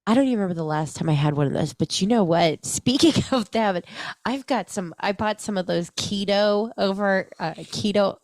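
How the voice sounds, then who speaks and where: A woman's voice: mid-range voice, normal speed, a little mellow, dry recording. A woman co-hosting a casual podcast, chatty, laughing easily and trailing off mid-thought. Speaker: podcast co-host.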